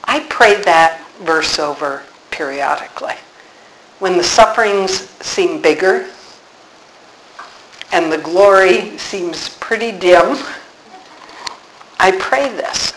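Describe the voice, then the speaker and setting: An older woman, a religious sister, teaching on scripture in an earnest, unhurried way, reading verses slowly and dwelling on key words. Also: fairly low pitch, a bit bright, echoey room, a little hiss or hum, poor audio. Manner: reads scripture slowly, then speaks with earnest conviction.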